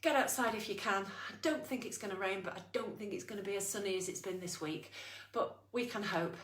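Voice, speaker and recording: A woman's voice: medium pitch, a little fast, a bit bright, reverberant. A woman leading an online exercise class, out of breath, upbeat and encouraging as she counts down. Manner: upbeat coaching, counting down and cheering on. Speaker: fitness instructor.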